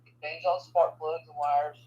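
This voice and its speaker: A man's voice: a little high, level tone, moderate pace, dull audio. A man in his twenties chatting casually and easygoing with a friend, often saying dude and man. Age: 20s. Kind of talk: casual chat.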